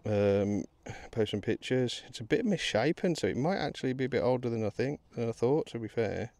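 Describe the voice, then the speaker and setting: A man with a Midlands accent, out of breath, chatting excitedly to the camera outdoors while metal detecting in a field. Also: medium pitch, fairly quick, no echo. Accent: English Midlands. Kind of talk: casual outdoor commentary.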